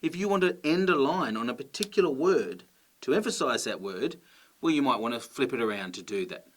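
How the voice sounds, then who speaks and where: A man's voice: medium pitch, expressive, a little fast. Patient man explaining a grammar lesson. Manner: clear, patient explaining with check-ins. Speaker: teacher.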